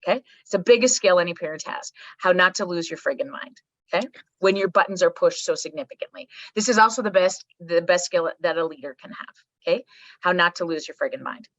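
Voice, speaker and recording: A woman's voice: on the low side, brisk, a bit bright, no echo, lo-fi sound. A woman psychologist guest talking emphatically on a podcast, swearing casually and checking in with "right?" and "okay". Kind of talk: energetic podcast conversation.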